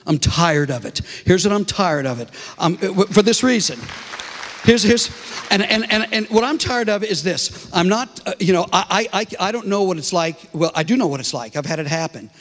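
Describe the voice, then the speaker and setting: A middle-aged comedian speaking to a congregation, telling humorous stories with many restarts. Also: male voice, high-pitched, normal speed, some chatter behind, slight background noise. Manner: animated storytelling with many restarts. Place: large church hall. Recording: reverberant hall.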